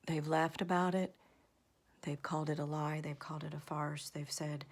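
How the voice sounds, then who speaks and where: A woman's voice: low-pitched, level tone, normal speed. A woman vlogger in her thirties or forties, earnestly delivering a religious warning, often half-whispering.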